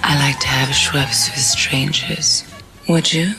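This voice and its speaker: A woman playing a sultry woman in a drink advert, in a breathy, drowsy whisper. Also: rumbling low, fairly even intonation, slow, pushed and bright, soft background music, full character voice, poor audio. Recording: played advert clip.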